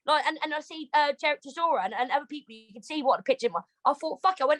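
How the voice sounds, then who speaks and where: A British woman, a boxer, talks over a video call at a breakneck pace, animated and swearing constantly. Her voice sits a little high. The sound is dry, with no room echo. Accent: British English. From Britain. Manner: rapid, animated and heavily swearing. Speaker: boxer, interview guest. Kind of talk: casual interview chat.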